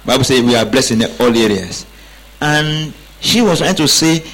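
A man's voice: medium pitch, expressive, moderate pace, fairly bright tone, low-quality recording. A man preaching a sermon emphatically, prompting the congregation to repeat after him. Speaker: pastor.

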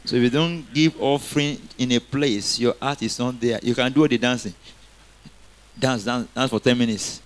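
A male preacher delivers an energetic sermon. He quotes scripture and has the congregation repeat his lines back to him. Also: mid-range voice, moderate pace.

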